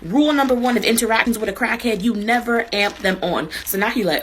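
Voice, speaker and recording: A woman from Florida telling a comic story in an animated, profane way, acting out the people in it. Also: mid-range voice, quick pace, hardly any pauses, slightly rough.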